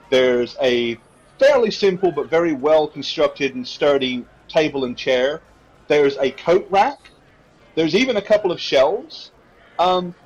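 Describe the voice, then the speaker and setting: A man's voice: on the high side, darkish tone, slightly rough, highs cut off. A man narrating a tabletop game as game master, in a casual rambling way.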